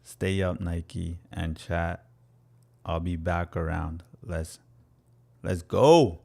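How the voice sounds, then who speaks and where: Brief: young male crypto streamer, deep gravelly voice, energetic and chatty, reads viewer questions aloud. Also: extremely slow. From Canada. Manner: energetic, chatty, playful with viewers, laughs often. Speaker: crypto educator hosting a livestream. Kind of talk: casual livestream chat answering viewers.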